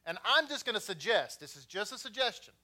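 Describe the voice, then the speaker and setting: Texan male preacher, high bright voice, casual sermon with wisecracks. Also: very animated, fairly quick. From Texas. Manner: conversational, joking asides.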